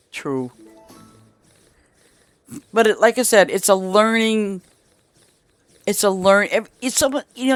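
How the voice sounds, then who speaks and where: A woman's voice: lowish voice, no room sound. A middle-aged woman streaming a game, chatting casually in a rambling way with many restarts and asides.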